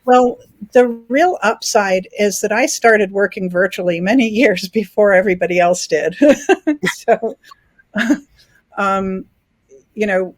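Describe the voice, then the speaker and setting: Speaking at a medium pitch and an unhurried pace, a sixty-something film festival founder fields interview questions with easy laughter and frequent restarts. She comes from New York and grew up in England, and the recording has no room sound.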